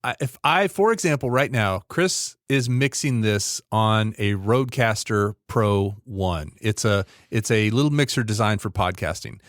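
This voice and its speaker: A man co-hosting a podcast in casual chat, rambling and animated with many restarts. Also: on the low side, unhurried, hardly any pauses, no room sound, clean studio sound. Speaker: podcast co-host.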